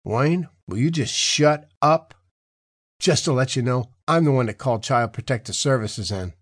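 A man voicing a calm, stubborn male logging contractor who talks dry and steady in an audiobook. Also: medium pitch, normal speed, husky, no room sound, close to an everyday voice.

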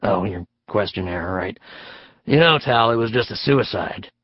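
A gruff, condescending big detective with a low, blunt delivery, as a male narrator puts him on. The audiobook recording is dry and a little dull. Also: measured pace, dry recording. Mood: dismissive. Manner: gruff, dismissive.

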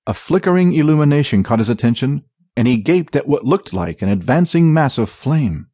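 A man narrating a fantasy audiobook in a dramatic, expressive reading. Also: medium pitch, brisk, husky, dry recording.

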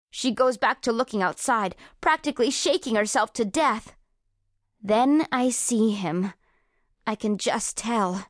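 Woman reading a kids audiobook, bit high, bouncy delivery, dry close studio sound. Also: moderate pace, no room sound. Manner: lively, expressive storytelling. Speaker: audiobook narrator. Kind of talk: first-person audiobook narration.

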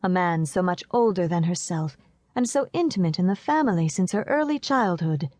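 A woman voicing a gentle, affectionate young wife who speaks softly and earnestly in an audiobook. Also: on the low side, expressive, normal speed, no room sound, natural voice.

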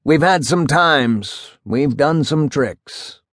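A man voicing a very old, gloomy judge who speaks slowly and solemnly. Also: on the high side, animated, a bit bright, no echo, clean studio sound, pitched above the performer's own voice, heavily acted. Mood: slow, wistful. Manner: slow, ponderous, solemn. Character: very old brooding male judge, slow and gloomy.

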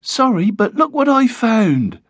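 A man's voice: very high-pitched, big pitch swings, unhurried, breathy edge, dry recording, clean studio sound, pitched above the performer's own voice, exaggerated voice. A male audiobook narrator voicing a curious, eager young caveboy who keeps pestering his father. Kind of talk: audiobook character voice.

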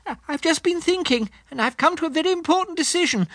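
Pooh: a man doing a gentle, muddled toy bear. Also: very high-pitched, expressive, fast talker, no room sound, studio quality, voice pushed up, exaggerated voice. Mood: earnest. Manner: ponderous, earnest, a bit muddled. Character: bear of little brain, mild, earnest, slow. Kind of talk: audiobook character reading.

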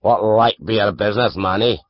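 Man voicing a gruff Scottish carter, blunt, forceful, lo-fi sound. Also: lowish voice, steady tone, normal speed, no room sound, close to an everyday voice.

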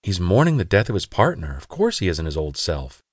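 A man's voice: low voice, big pitch swings, a little fast, breathy edge, no echo, full character voice. A man voicing a self-conscious young gay man who answers a friend in dry, defensive retorts.

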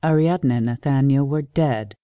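A woman narrating a supernatural thriller audiobook in an even, measured reading. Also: extremely low pitch, dry recording, clean studio sound. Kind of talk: scripted narration.

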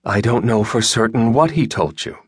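Here the reader's senior admiral comes out husky, measured and calm, apologetic but leaving no space for dispute. He speaks higher than his natural low voice, and the close, dry recording carries no room sound.

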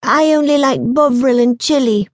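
A woman reading an audiobook, voicing a sulky ten-year-old boy who talks in a flat, uninterested way. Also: sits high, moderate pace, no room sound, pitched above the performer's own voice, close to an everyday voice. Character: sullen boy about ten, picky and flat-voiced. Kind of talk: audiobook narration.

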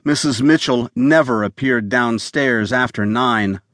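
A man's voice: medium pitch, unhurried, fairly bright tone, no echo. Man narrating a thriller in a dry studio. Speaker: audiobook narrator. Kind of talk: scripted narration.

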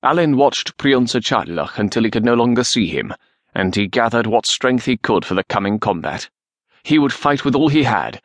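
A man narrating a historical novel in a measured, steady reading. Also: fairly low pitch, no echo. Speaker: audiobook narrator.

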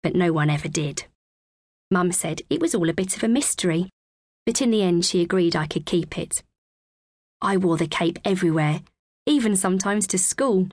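A woman narrating a children's audiobook in the first person with a clear, expressive, measured reading. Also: lowish voice, no room sound.

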